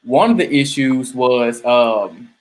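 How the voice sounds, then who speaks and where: A man's voice: mid-range voice, animated, takes it slowly. A man hosting a casual group podcast over a video call, laid-back and rambling as he sets up a topic. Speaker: podcast host.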